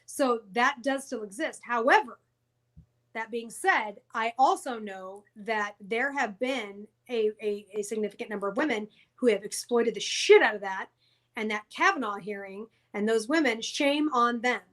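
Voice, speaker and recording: Woman co-host, higher voice, casual podcast chat, blunt and profane. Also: moderate pace, a bit bright.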